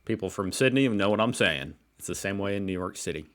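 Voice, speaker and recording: American man, low-ish voice, General American accent, loose self-mocking reaction host. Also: animated, brisk. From Pittsburgh, United States. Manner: joking, rambling, self-deprecating. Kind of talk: casual reaction commentary.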